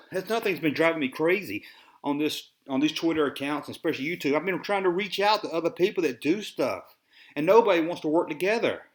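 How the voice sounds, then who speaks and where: A man's voice: on the high side, animated, a little fast. A man from the Southern US with a Southern accent, rambling and ranting on a solo podcast, often sighing. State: dry mouth. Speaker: toy collector podcast host.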